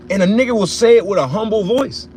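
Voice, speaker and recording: A man delivers a casual, preachy monologue from inside a car, blunt and full of profanity. His voice sits a little higher than most men's, and he punches his key points with loud bursts. A faint hum of the vehicle runs underneath. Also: fast talker. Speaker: religious commentator.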